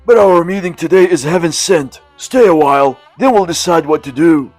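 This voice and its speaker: A man's voice: fairly high pitch, moderate pace, no echo, soft background music, lightly acted. A man voicing a generous, lordly nobleman in an audiobook, calling out with authority and consoling a friend. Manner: calls out commanding, then consoles warmly. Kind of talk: audiobook character voice.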